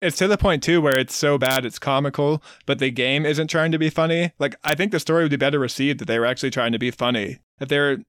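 A man's voice: a little high, quick pace, hardly any pauses, fairly bright tone, clean tone, dry recording, clean studio sound. A man co-hosting a gaming podcast, explaining things step by step in casual chat. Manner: explanatory, walks through details. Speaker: podcast co-host.

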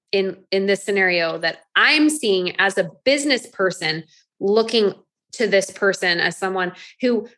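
A woman in her thirties coaching a group, telling lively stories and acting out her own thoughts. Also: medium pitch. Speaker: life coach.

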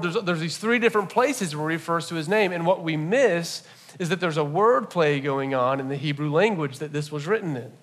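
A man with a somewhat high voice preaches a sermon to his congregation. He teaches in a relaxed, conversational way, animated and playful, often turning to the room with quick asides. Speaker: pastor. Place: church service.

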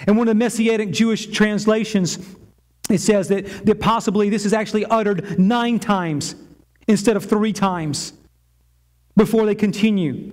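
A man's voice: high-pitched, normal speed, darkish tone. A man preaching a sermon to his church, impassioned and given to repeating phrases in a chanting rhythm. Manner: impassioned, repetitive chanting cadence. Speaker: pastor.

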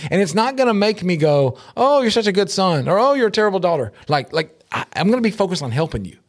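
A middle-aged man co-hosting a casual talk show, his voice sitting a little high. He is animated and laughs often, acting out quoted lines in shifting voices. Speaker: podcast co-host. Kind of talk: casual chat.

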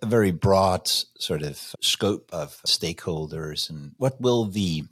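A man's voice: deep voice, lively intonation, unhurried, husky, no echo, clean studio sound. A man interviewing a guest in a friendly way, often stumbling and restarting his questions.

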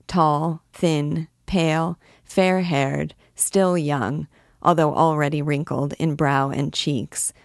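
A woman with a low, dusky voice reads a classic novel aloud in a measured, unhurried way. She gives each character only a light touch of voice. The sound is dry and close, with no room around it. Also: vocal fry, a little mellow, dry recording. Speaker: audiobook narrator. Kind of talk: scripted narration of a classic novel.

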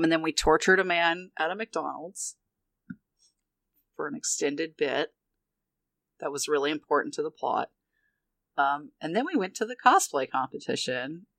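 A man at a tabletop game, talking through what his character did in a rambling, wry way with plenty of ums and you-knows. His voice sounds bright and forward, recorded close and dry. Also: a little high, vocal fry, no room sound. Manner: rambling, wry recap with many fillers. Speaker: player.

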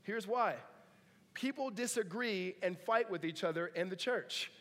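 A man preaching a sermon in a relaxed, conversational way, with joking asides and animated retellings of stories. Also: high voice, a little slow, long reverb tail. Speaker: pastor.

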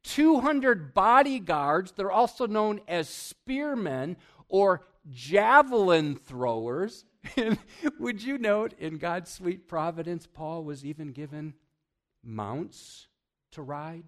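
A man preaching with lively energy in a church, his voice sitting a touch higher than most men's. He leans into big, loud emphasis, then drops to quiet asides, questioning the congregation and chuckling as he goes. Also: slow pace. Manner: animated, swings between loud emphasis and hushed asides. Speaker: pastor. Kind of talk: sermon.

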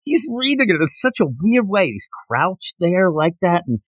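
A man's voice: high voice, moderate pace, no room sound. A man co-hosting a podcast, chatting casually about a manga chapter, laughing often and acting out the characters' lines. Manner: animated, laughs often, acts out quoted lines. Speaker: podcast co-host.

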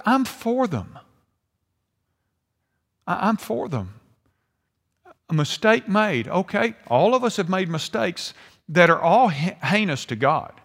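An older man preaching a sermon, swinging between hushed and emphatic delivery. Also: high voice, gravelly. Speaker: pastor. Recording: long hall reverb.

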